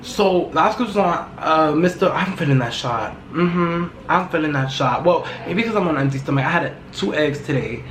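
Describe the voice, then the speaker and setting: Loud, blunt woman podcaster in an echoey room. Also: sits low, lively intonation, normal speed, hardly any pauses. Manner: blunt, profane, gossipy. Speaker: podcast host. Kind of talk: casual solo podcast chat. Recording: echoey room with faint background noise.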